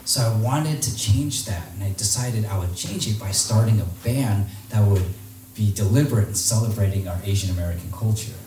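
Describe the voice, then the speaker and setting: A man's voice: lowish voice, brisk, distant mic, slight background noise. Man telling stories in an echoey hall. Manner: animated, acts out quoted voices. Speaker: speaker giving a talk. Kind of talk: storytelling talk to an audience. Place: large hall with audience.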